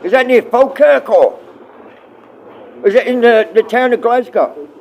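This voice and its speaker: Man, middle-aged, high voice, rambling livestream chat, blunt, swearing. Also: lively intonation, unhurried, gravelly, muffled recording, a little hiss or hum.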